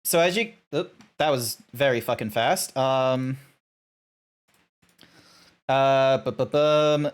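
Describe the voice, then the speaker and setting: A man's voice: mid-range voice, takes it slowly, pauses often, clean tone. A man streaming live, rambling casually with lots of fillers and swearing.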